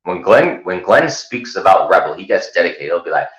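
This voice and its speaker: A male host chatting casually, rambling and animated, slipping into loud mocking voices. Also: low-pitched, brisk, few pauses, echoey room, poor audio. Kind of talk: casual chat.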